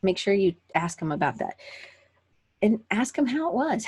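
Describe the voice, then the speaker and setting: A woman's voice: medium pitch, very animated, moderate pace, long pauses, a little mellow, slightly rough. A woman hosting a weekly online session for creatives, chatting casually and rambling with fillers and self-corrections into a computer microphone. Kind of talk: casual live-stream talk.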